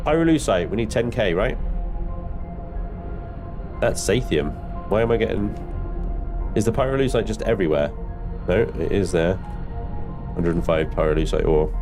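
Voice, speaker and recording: A man commenting on a live space game stream, chatty and joking at his own expense. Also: low voice. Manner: chatty, jokey, self-mocking.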